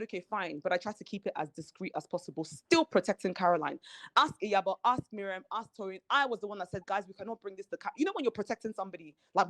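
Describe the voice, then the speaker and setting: A woman, a reality show cast member telling her story in an animated way and acting out the quoted lines of the people in it. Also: mid-range voice, dry recording. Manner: animated, acts out quoted dialogue. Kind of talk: candid podcast interview storytelling.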